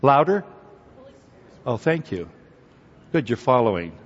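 A man preaching a sermon in a church, lively and conversational, who teases and prods his congregation as he goes. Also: mid-range voice, takes it slowly, husky. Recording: echoey hall, dull sound.

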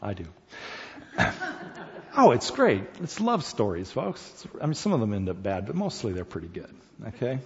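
Male speaker, folksy and animated, talks straight to the crowd; muffled recording with long hall echo. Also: lowish voice. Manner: folksy, halting, animated, addresses audience directly. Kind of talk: storytelling to an audience. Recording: dull sound in reverberant hall.

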